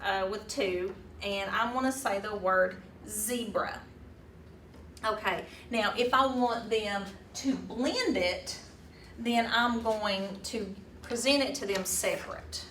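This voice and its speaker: A woman's voice: medium pitch, a bit bright. A woman leading a hands-on teaching workshop, talking casually with fillers and restarts. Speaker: teacher trainer. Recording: roomy echo, distant mic, faint room noise.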